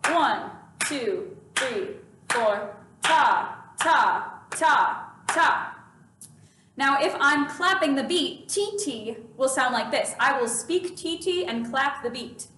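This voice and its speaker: A woman's voice: a little high, a bit bright. A woman music teacher giving a children's music lesson in a patient, encouraging way. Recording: echoey room, mic at a distance.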